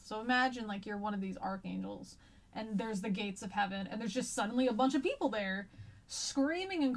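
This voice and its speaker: A woman teacher giving a casual, chatty lecture, paraphrasing old texts in slangy everyday words. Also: medium pitch.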